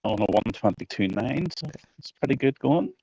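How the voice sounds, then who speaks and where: A man's voice: mid-range voice, lively intonation, normal speed, vocal fry, warm tone, husky, low-quality recording. A man co-commentating an online racing league, teasing and joking with a laugh. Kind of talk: casual race commentary.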